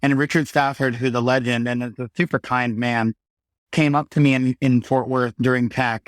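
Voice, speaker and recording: A man in his thirties, a podcast guest, telling lively stories in casual talk and acting out the quotes. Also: mid-range voice, a little fast, no room sound, studio quality. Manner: animated storyteller, acts out quotes. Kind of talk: casual conversation.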